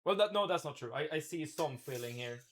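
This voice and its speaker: A man's voice: on the high side, animated, brisk, slight background noise. A man cooking live in his kitchen, thinking aloud and chatting with his viewers. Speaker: cooking livestreamer. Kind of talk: casual live commentary while cooking. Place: home kitchen.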